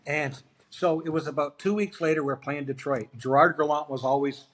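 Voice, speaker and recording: This interview guest, a middle-aged man and former hockey player, has a slightly high voice at an ordinary pace. Telling casual, spirited anecdotes, he acts out the quoted lines of the people in them.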